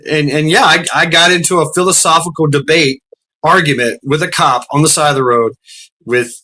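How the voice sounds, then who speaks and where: Bright-voiced man rambling. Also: fairly high pitch, steady tone, brisk, slight background noise. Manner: profane, rambling, repeats words. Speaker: storyteller. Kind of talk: casual storytelling.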